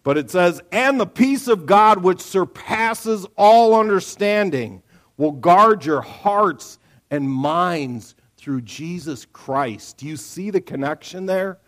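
A man preaching a sermon to a church congregation, his voice sitting a touch high. He talks in a lively, joking way and now and then breaks into a sudden loud outburst. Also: slow. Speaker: pastor.

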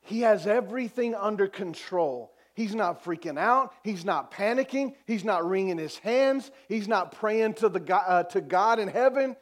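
A man preaching a sermon as pastor. He repeats lines for emphasis, calls out to the congregation and drops to a soft, quiet voice when quoting. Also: high voice, lively intonation, normal speed, hardly any pauses. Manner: preaching with call-and-response, repeating phrases for emphasis.

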